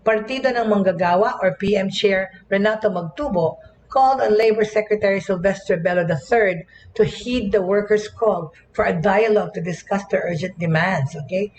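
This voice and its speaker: Hoarse Filipino woman reading news. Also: mid-range voice, moderate pace, a little mellow, a little hiss or hum, rough recording. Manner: mixes English and Tagalog, many "okay?" tags. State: hoarse, croaky voice. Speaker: host.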